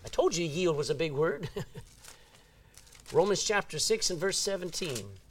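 A man's voice: fairly high pitch, lively intonation, a little slow, fairly bright tone, a little hiss or hum. A man preaching a sermon, reading scripture aloud and asking the congregation "Amen?".

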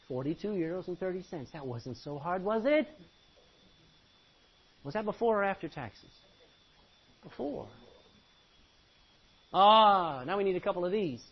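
Male pastor, sermon delivery, animated and joking, lively pitch, slightly husky. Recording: dull lo-fi recording.

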